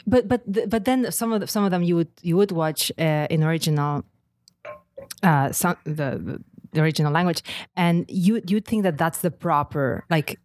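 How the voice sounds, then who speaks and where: A young adult woman from Catalonia with a Catalan Spanish accent, chatting as a podcast guest in an animated, halting way. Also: lowish voice, no echo. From Spain, Catalonia. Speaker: guest model. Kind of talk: casual podcast chat.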